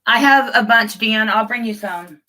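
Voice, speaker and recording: A chatty woman talking on a casual live stream. Her voice is bright and clear, and she rambles warmly from one thing to the next, greeting viewers by name between thoughts. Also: fairly high pitch, normal speed.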